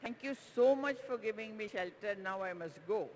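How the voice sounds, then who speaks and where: A man voicing a tiny, polite female blackbird in a squeaky little voice. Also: normal speed. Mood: gentle. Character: tiny gentle female blackbird, migrating traveler. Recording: reverberant hall, faint background noise.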